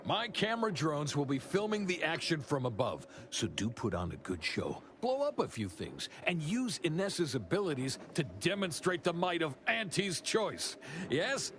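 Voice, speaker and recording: A man's voice: on the high side, wildly swooping pitch, moderate pace, a bit bright, slight background noise. An actor playing a chatty, upbeat male corporate publicist in a video game.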